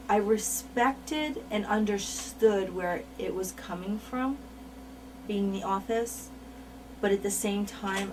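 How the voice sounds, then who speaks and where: A woman being interviewed about her wrestling career, talking frankly and repeating words for emphasis. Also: on the low side. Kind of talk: candid shoot interview storytelling. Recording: mic at a distance, faint noise.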